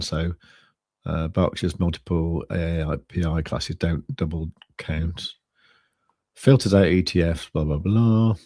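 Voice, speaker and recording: A man with a low, deep voice talks casually on a crypto trading stream. He rambles, often stopping to restart a phrase and padding with fillers. The sound is dry and close. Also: dark tone, no echo. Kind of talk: casual chat.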